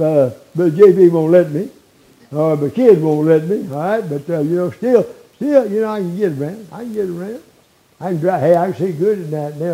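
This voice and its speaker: An elderly preacher in his eighties delivers a homespun sermon, his voice sitting fairly high yet soft and mellow. He talks in a folksy, conversational way, peppering his points with "all right?" and small chuckles. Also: rough recording. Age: 80s. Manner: folksy, frequent tag questions like "all right?".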